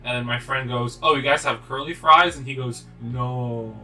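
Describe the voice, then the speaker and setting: A man's voice: mid-range voice, normal speed, pushed and bright, recorded from a distance, rough recording. A young man co-hosting a gaming video, telling a rambling, swearing story with many restarts. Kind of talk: casual chat while playing.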